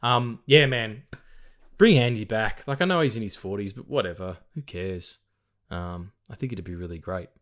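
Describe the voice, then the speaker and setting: A man hosting a casual film podcast, relaxed, swearing now and then and reading out trivia. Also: lowish voice, normal speed. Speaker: podcast host.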